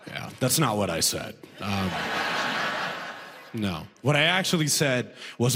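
Animated male stand-up comic. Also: mid-range voice, normal speed, big-room sound, a little hiss or hum. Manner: animated, storytelling, frequent "right?" asides. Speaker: stand-up comedian. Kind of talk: stand-up set.

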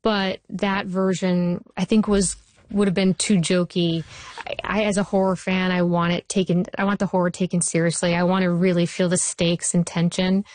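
A woman television writer answering interview questions, telling stories with lively acted-out quotes. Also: lowish voice, moderate pace, no room sound. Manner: animated, acts out quoted voices in anecdotes. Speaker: TV writer and showrunner guest. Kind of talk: conversational interview storytelling.

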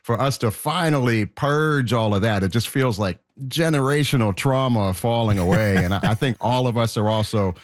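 A man's voice: mid-range voice, normal speed, hardly any pauses, no room sound, studio quality. A man, speaking as a guest, choked up and reflective. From New York. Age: 50s. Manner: reflective, heartfelt. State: choked up, emotional. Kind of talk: casual interview talk.

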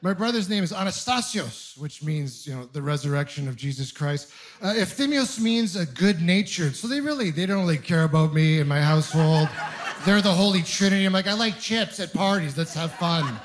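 A man works through a stand-up routine with a notably high voice. He tells his stories with animated, self-mocking mock outrage. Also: a little fast. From Ontario, Canada. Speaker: stand-up comedian. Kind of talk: stand-up comedy set.

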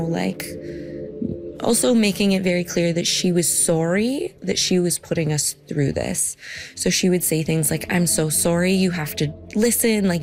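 A woman's voice: on the low side, a little mellow. A woman recalling events in an interview, earnest, often quoting what she and others said. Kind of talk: personal recollection in interview.

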